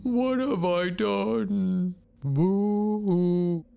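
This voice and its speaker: A man's voice: sits high, very animated, creaky, darkish tone, voice pushed up, full character voice. A man voicing a proud male eagle who wails and sobs in exaggerated self-pity. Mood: mock grief. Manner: wailing, drawn-out theatrical sobbing.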